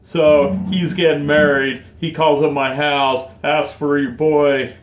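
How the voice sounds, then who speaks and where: A man in his forties, choked up and close to tears, speaking slowly and haltingly in a heartfelt personal vlog. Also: fairly high pitch, little pitch movement, roomy sound, slight background noise. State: choked up, tearful. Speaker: vlogger.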